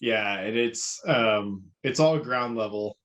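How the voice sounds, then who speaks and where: A man co-hosting a casual podcast, explaining things in a measured way with a lot of ums and restarts. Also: fairly low pitch, a bit bright. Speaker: podcast co-host.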